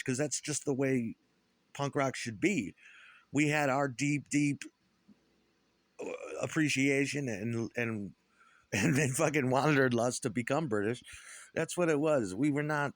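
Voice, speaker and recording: A man's voice: mid-range voice, no room sound. A middle-aged man from upstate New York, a former punk musician, talking alone in a profane, rambling, aggrieved rant full of restarts. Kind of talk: rambling solo monologue.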